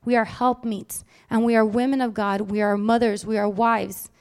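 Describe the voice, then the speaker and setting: A woman preaching a sermon in a lively, animated way, acting out little scenes sudden loud outbursts. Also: a little high, moderate pace, clean tone.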